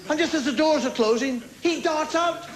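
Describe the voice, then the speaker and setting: A man's voice: very high-pitched, normal speed, background noise. A man performing a stand-up comedy monologue as host, telling conversational stories with crude punchlines and mimicked car horns. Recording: TV studio with loud audience laughter. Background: loud studio audience laughter.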